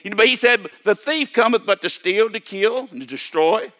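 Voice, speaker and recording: A man's voice: high-pitched, animated, normal speed, a bit bright. An older man preaching a sermon, repeating and restarting his phrases and calling for amens. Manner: repetitive, stammering restarts, calls for amen.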